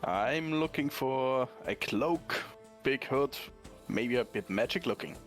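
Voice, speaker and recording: A man playing a tabletop game, talking in a relaxed, casual way and laughing often. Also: mid-range voice, slow pace, faint music behind. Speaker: player.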